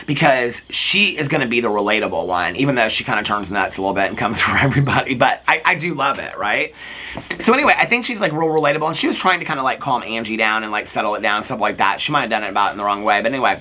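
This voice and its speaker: Bright-voiced gossipy man. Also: mid-range voice, lively intonation, fast talker. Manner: chatty and gossipy, full of fillers. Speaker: host. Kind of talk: casual TV recap chat.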